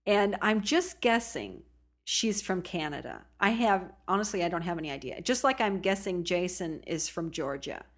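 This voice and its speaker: A woman's voice: fairly low pitch, lively intonation, moderate pace. A woman podcast host from the Oregon coast, talking casually and chattily, laughing often. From Oregon coast, USA. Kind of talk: casual solo podcast talk.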